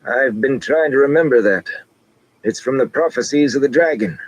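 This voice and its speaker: A man's voice: medium pitch, normal speed, husky, muffled recording, voice pushed up, natural voice. A man voicing a rambling broken-nosed old man in an audiobook, reciting in a sudden sing-song way. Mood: pleased.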